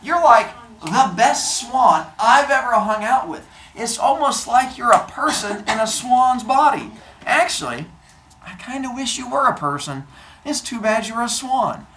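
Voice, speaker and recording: A man voicing a lovestruck young Titan woman in a high, gushing voice, recorded from across an echoey classroom. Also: expressive, a little slow, bright, forceful tone, slight background noise, full character voice. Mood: smitten.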